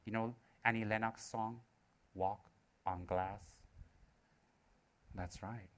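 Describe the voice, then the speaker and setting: Giving a live Dharma talk to an audience, this man asks rhetorical questions, repeats key phrases, and playfully teases listeners between points. His voice sits on the low side, steady in tone, slow, and fairly bright.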